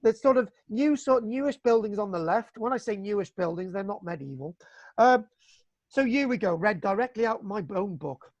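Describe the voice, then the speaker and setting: Chatty lecturer, a man with a fairly high voice, folksy, dry close sound. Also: lively intonation, brisk, no echo, dull audio. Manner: chatty, folksy, many fillers and restarts. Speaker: local history lecturer. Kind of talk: online illustrated history lecture.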